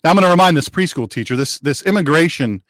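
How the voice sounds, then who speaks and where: A male radio talk host delivering an opinionated monologue. His fairly high voice swoops up and down with lively emphasis, sarcastic and preachy. The sound is dry and close, with no room echo. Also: fast talker.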